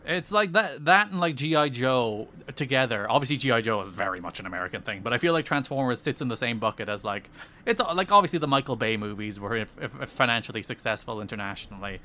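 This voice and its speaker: Bright-voiced man in his thirties. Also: mid-range voice, lively intonation, quick pace, slight background noise. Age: 30s. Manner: rambling, full of "like", wry gloom. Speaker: podcast co-host. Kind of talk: casual chat.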